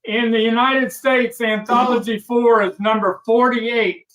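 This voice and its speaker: A man's voice: very high voice, steady tone, measured pace, fairly bright tone, distant mic, rough recording. A man in a casual podcast chat, reporting facts in a matter-of-fact way.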